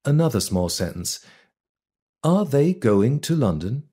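A man teaching a beginner language lesson, reading example words and sentences one at a time in a deliberate, scripted way. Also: medium pitch, sing-song, warm tone, husky.

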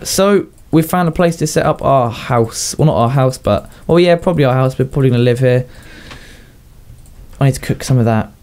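In fairly quick, rambling Minecraft commentary, a young gaming YouTuber from southern England talks to himself in a mellow, warm voice at an ordinary pitch. He frequently laughs at his own asides.

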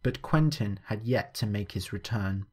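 A man narrating a scripted story clearly and steadily for language learners. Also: on the low side, moderate pace, darkish tone.

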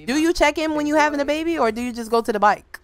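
A young woman giving casual gameplay commentary, excitable, with loud outbursts and slang aimed at her viewers. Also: high-pitched, fast talker. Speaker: gaming video creator.

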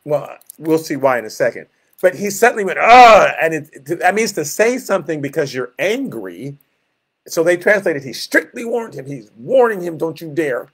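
A man leading a midweek Bible study with a slightly higher voice than most men. He reads verses aloud and explains them in an animated, lively way, sometimes acting out a groan. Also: normal speed, slightly rough.

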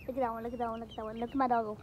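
Rambling high-voiced young woman vlogging. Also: very fast, slight background noise. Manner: rambling, excitable, gets loud when the chickens crowd her. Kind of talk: casual vlog chat. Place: outdoors by a chicken coop. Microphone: phone camera held in hand. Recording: phone video outdoors with chickens clucking. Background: clucking chickens and birds.

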